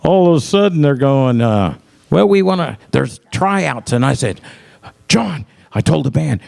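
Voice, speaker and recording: Speaking at a moderate pace, this middle-aged man has a somewhat high, expressive voice that is gravelly yet a little mellow. He tells casual stories from his music career, frequently laughing and performing others' lines in raised voices.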